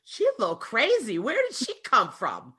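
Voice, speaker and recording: Woman, podcast co-host, lively pitch, bright voice, expressive reactions. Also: normal speed. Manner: expressive, reacts with gasps and exclamations. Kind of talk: casual gossip chat.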